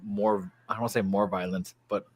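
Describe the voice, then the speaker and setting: A young man co-hosting a casual wrestling podcast over a remote stream. He talks in an animated way, laughs often and drops into goofy voices for quotes. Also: fairly low pitch, a little fast, husky. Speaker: podcast co-host. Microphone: remote stream mic.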